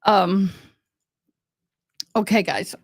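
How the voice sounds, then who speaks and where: Speaking extremely slowly in a steady, medium-pitched voice, a middle-aged woman livestreams her casual, blunt take on a court hearing, chatting straight to her audience.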